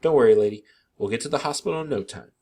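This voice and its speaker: A brisk ambulance worker from a storybook, firm and reassuring. A man reads him as he narrates. The voice is a touch husky and forceful. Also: medium pitch, animated.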